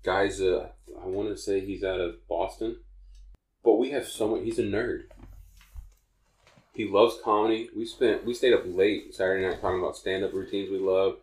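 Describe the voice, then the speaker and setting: A man with a notably low voice talks casually on a podcast, drifting through a story and backing up to restart his sentences as he goes. The room around him is echoey. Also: fairly even intonation, normal speed, a little mellow. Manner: rambling, self-correcting storyteller. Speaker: podcast co-host.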